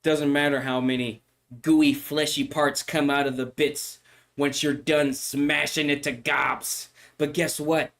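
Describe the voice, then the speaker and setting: A man, a streamer, chatting casually on a livestream in an animated, mock-solemn lecturing way. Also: on the high side, measured pace. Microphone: microphone.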